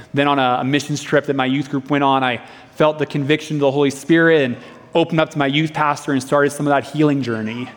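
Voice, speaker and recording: A young man preaching a sermon in a church, telling a personal story in an earnest, conversational way. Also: mid-range voice. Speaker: pastor. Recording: long reverb of a hall.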